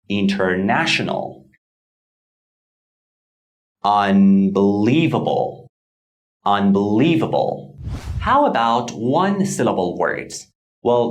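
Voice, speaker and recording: A man's voice: medium pitch, echoey room. A man teaching English pronunciation in a scripted lesson, enunciating carefully and repeating model words.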